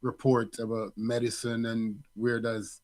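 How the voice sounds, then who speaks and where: A man's voice: mid-range voice, level tone, measured pace, darkish tone. A middle-aged man and father co-hosting a podcast, talking in a reflective, casual way with many restarts and fillers. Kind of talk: casual conversation.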